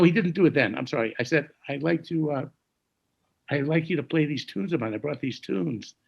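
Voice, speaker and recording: A man in his sixties telling stories as a jazz musician in an interview, dropping to a hush when he quotes others and scatting tunes now and then. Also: on the high side, highs cut off. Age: 60s. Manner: gravelly, hushed when quoting others, scats melodies. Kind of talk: conversational storytelling.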